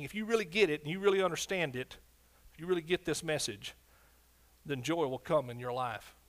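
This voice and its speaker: A man preaching a sermon as pastor, swinging between loud declarations and quiet asides, often calling out for an amen. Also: fairly high pitch.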